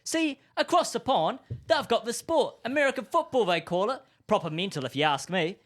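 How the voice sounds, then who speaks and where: Brief: man doing a bloke spinning conspiracy yarns, shaky put-on British accent, lively swooping delivery. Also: sits high, normal speed. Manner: spinning a yarn, full of slang and wild comparisons. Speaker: podcast co-host. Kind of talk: comedic scripted rant.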